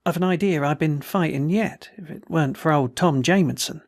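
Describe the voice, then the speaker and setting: A man's voice: a little high, moderate pace, no room sound, studio quality, lightly acted. A man voicing a wounded, tattered male soldier who rambles in a folksy, slurred, way. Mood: rambling. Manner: folksy, pleading, words slurred.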